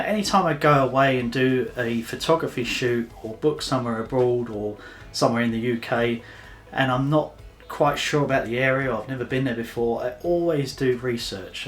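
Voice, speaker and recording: A chatty man walks through a casual tutorial, loose and unscripted, pausing on fillers as he goes. His pitch sits in an ordinary middle range. Soft music runs faintly behind him. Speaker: photography vlogger.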